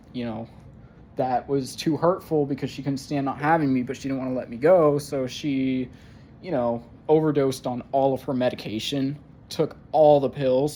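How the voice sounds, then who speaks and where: A young man talking through a rambling personal monologue, halting and full of fillers and swearing, his voice jumping up into pained outbursts. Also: mid-range voice, warm tone, slight background noise. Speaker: vlogger.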